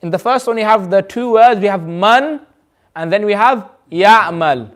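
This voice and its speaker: This teacher has a high, expressive, slightly bright voice and speaks at a normal speed. At a community centre he guides a Quran recitation class, patiently testing students and voicing the sounds aloud as a model.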